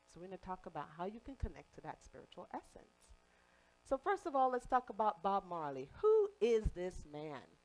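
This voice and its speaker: A woman's voice: low voice, slight background noise, rough recording. A woman in her late thirties from Jamaica with a faint Jamaican accent, giving a conversational spiritual talk to a congregation. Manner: warm, conversational, playful asides. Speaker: guest speaker at a spiritual center.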